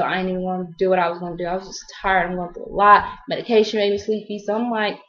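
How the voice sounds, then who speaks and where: A woman's voice: on the low side, little pitch movement, racing, hardly any pauses, fairly bright tone, muffled recording. Rambling, slangy woman vlogger. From Columbus, Ohio, US. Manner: rambling, slangy, lots of fillers. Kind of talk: casual storytelling vlog.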